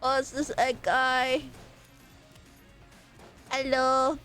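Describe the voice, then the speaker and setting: A young woman with a bright, high voice chats while she plays, bouncing between chatter and shrieking outbursts. She swears freely and reacts loudly to the game. Soft music runs faintly underneath. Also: drawn-out words. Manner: excitable, swears freely, loud playful outbursts. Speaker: streamer. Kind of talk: casual live-stream gaming commentary.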